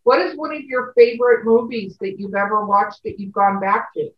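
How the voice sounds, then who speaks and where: A woman from California chatting casually as a co-host, telling animated stories. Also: mid-range voice, moderate pace. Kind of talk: casual chat. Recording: distant, roomy and muffled.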